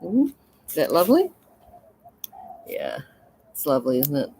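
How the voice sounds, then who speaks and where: Low-pitched Australian woman, chatty livestream seller, gushing and loose with fillers. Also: wildly swooping pitch, a little slow, vocal fry, warm tone, slight background noise, rough recording. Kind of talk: casual live selling chat.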